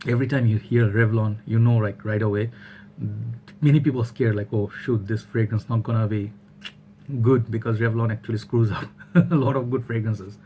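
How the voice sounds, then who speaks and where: A fragrance reviewer from Bangladesh chats loosely through a casual product review vlog, frequently checking in with "all right?" His voice is mid-range and mellow, with a slight hiss or hum in the recording.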